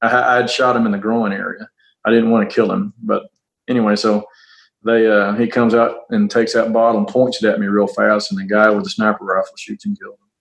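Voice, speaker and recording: A middle-aged man, a police officer, telling a personal story in a halting, earnest way, often repeating words and starting over. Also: fairly low pitch, flat delivery, gravelly, poor audio.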